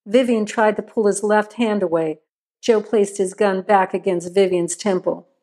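A woman's voice: medium pitch, fairly even intonation, normal speed, mellow. Woman narrating a crime story.

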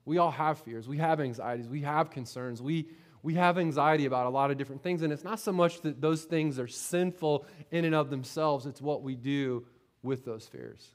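A man's voice: a little high, normal speed. A middle-aged man from Florida, a pastor preaching a sermon, telling a personal story in a conversational way, often repeating words and checking in with the congregation. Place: church sanctuary.

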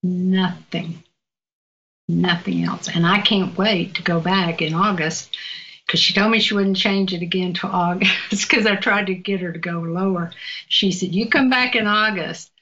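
A woman's voice: fairly low pitch, fairly even intonation, measured pace, a bit bright, muffled recording. An older woman from Virginia with a Southern accent, telling stories in a casual interview, outspoken and laughing often. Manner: outspoken, laughing, folksy storytelling. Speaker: guest.

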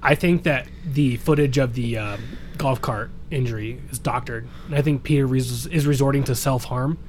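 A man's voice: mid-range voice, normal speed, background noise. A man co-hosting a podcast, recapping a dating show in a joking, rambling way. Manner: joking, rambling, playful impressions. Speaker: podcast co-host. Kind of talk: casual recap chat.

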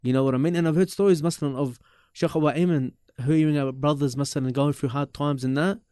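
A man, telling stories from his student days in a casual, animated way, often repeating himself and dropping in Arabic religious terms. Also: on the high side, fairly quick, clean tone, no room sound, clean studio sound. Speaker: podcast guest recalling his teachers. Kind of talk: casual storytelling chat.

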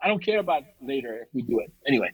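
A middle-aged man who teaches martial arts talks very fast as a podcast guest, chatting casually and animatedly over a noisy crowd on a rough recording. He tells stories with energy, often restarting his sentences and raising his pitch for emphasis.

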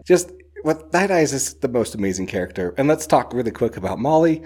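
A man's voice: medium pitch, lively intonation, moderate pace, a little mellow. Enthusiastic man gushing about a book. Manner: enthusiastic, rambling, many "like"s. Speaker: book reviewer. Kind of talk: casual book discussion.

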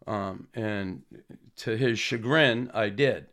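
A man, a former hockey player telling an animated anecdote and acting out quotes. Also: mid-range voice, normal speed, vocal fry. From Boston area. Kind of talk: anecdotal storytelling.

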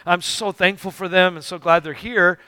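A male pastor delivers a sermon with a bright, forceful tone and a fairly high pitch. He tells stories earnestly, acting out the lines of dialogue. The sound is close and dry. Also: fairly even intonation, moderate pace, no room sound. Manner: storytelling with acted-out dialogue, earnest and emphatic. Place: church sanctuary.

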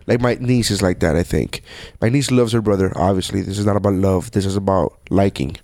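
A man's voice: sits low, fairly quick, darkish tone, no echo, studio quality. A man hosting a podcast in casual chat, blunt and joking, often talking over his guest. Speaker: podcast host.

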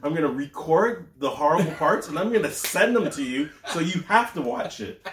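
A young man co-hosting a casual podcast, reviewing a movie he hated with animated, exasperated ranting and laughter. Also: on the high side, normal speed, a little hiss or hum. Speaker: podcast co-host. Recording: echoey room.

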